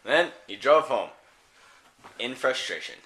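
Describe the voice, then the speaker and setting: A man's voice: medium pitch, animated, slow pace, pushed and bright. A man rambling through a silly comic story, full of fillers and giggles.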